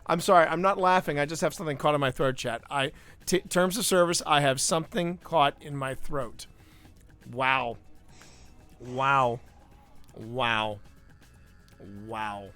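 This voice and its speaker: Bright-voiced man hosting a gaming stream. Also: on the high side, measured pace, pauses often, clean tone, faint music behind. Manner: animated, laughing asides and self-corrections. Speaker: stream host. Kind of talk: casual live-stream chat while gaming.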